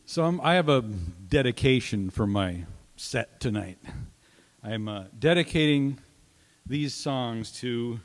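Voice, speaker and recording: A man introducing his songs at an open mic, soft-spoken and halting, pausing often, speaking into a stage microphone. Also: medium pitch, animated. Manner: soft-spoken, halting, with many pauses and fillers. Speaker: singer-songwriter performing at an open mic. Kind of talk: casual stage talk between songs. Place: small arts venue stage, indoors. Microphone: stand microphone on stage. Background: guitar playing.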